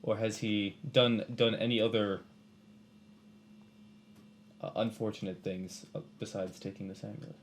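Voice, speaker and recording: A man playing a tabletop game, speaking in character as a cleric in formal, measured phrases. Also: lowish voice, steady tone, slight background noise. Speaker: player. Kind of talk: in-character role-play as a cleric.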